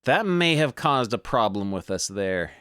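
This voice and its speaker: A man's voice: lowish voice, very animated, a little slow, fairly bright tone, clear, resonant tone, no room sound, clean studio sound. A man streaming a video game, reading its text aloud and adding wry, self-amused comments.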